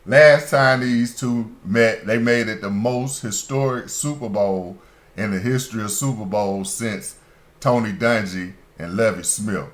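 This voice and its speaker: A man's voice: on the low side, a little slow. A man hosting a sports talk radio show, delivering an opinionated monologue that turns emphatic and indignant. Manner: emphatic, rising to heated indignation.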